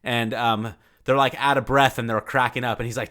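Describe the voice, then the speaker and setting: A man's voice: medium pitch, steady tone, brisk, fairly bright tone. A young man co-hosting a casual podcast, talking in a slangy, laid-back, joking way. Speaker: podcast co-host. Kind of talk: casual movie-review chat.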